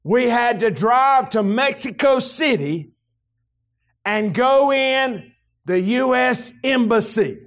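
A man with a Southern US accent preaching a sermon in a church, folksy and animated, often rising into shouts. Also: very high voice, slow. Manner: folksy, animated, breaks into shouts when excited. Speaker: pastor.

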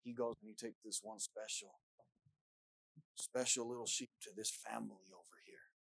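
A man preaching a sermon in an earnest way, often repeating words and growing loud as he reads scripture aloud. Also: fairly low pitch, steady tone, normal speed, gravelly, no room sound, poor audio.

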